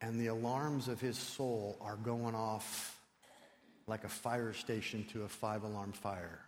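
A male preacher delivering an animated sermon, swinging from loud to hushed, in a church sanctuary. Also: lowish voice, measured pace, slight background noise. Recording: long reverb in a large hall.

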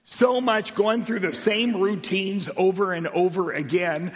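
A man preaching a sermon and telling stories in an animated way, with shouted emphasis. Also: high voice, a little slow. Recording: echoey hall reverb.

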